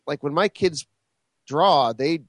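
A man's voice: fairly high pitch, takes it slowly, dry recording, studio quality. A man co-hosting a podcast, chatting casually with joking, sarcastic asides. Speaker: podcast co-host. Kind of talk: casual chat.

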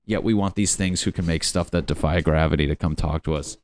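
Profane ranting man with a low voice. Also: steady tone, brisk, a little mellow, no room sound. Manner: profane, rambling, ranting with frequent fillers. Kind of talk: rambling comedic rant.

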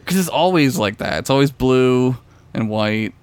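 A man's voice: medium pitch, animated, moderate pace, clean tone, no room sound. A man co-hosting a podcast, chatting casually, sarcastic and crude, swearing freely. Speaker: podcast co-host. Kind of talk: casual chat recapping a TV episode.

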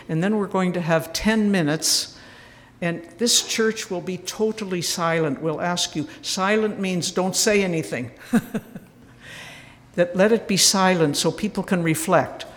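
An older religious sister leading a spoken retreat talk in a large church, telling stories with earnest warmth and wry humor. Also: female voice, lowish voice, in a large hall.

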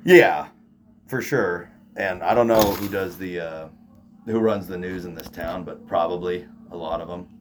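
A man's voice: low-pitched, measured pace, background noise. A man co-hosting a podcast, talking in loose, crude, joking banter. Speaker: podcast co-host.

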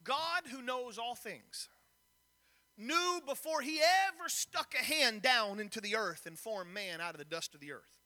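A man delivers a sermon from a church pulpit. His voice sits very high and sounds bright and cutting as he reads scripture and throws questions at the congregation. A long reverb from the hall trails behind each phrase. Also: expressive, measured pace. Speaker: pastor. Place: church sanctuary.

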